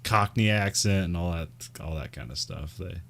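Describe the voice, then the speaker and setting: Low voiced american guy rambling on a podcast, lots of um and like, laughing a bunch. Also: normal speed, a bit bright. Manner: rambling, many fillers and restarts, laughs often. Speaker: podcast co-host. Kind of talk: casual chat.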